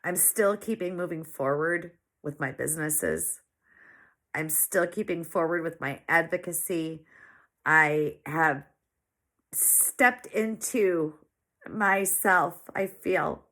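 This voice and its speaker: A small business owner in her forties shares her story in an earnest, heartfelt monologue, speaking slowly in a low, fairly bright voice. She gets emotional, repeats phrases for emphasis, and at times seems close to tears.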